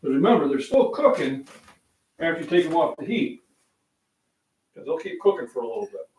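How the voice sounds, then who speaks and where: An older man, a fitness channel host, rambles in a folksy way while cooking in his home kitchen, talking straight to viewers on a casual live stream. His voice is fairly high, sing-song, a little mellow and fairly quick. The sound is roomy and off-mic, with slight background noise.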